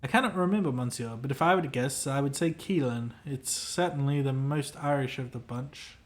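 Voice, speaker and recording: A man's voice: mid-range voice, fairly quick, close to an everyday voice. A man voicing a pompous, self-important male hotel clerk in a game, reading the lines aloud in a formal, fussy, theatrical manner.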